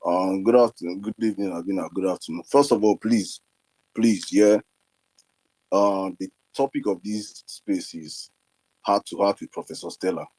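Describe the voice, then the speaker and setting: Angry, insistent man, husky. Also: sits low, moderate pace, darkish tone, no room sound, poor audio. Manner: angry, insistent, repeats himself. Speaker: participant.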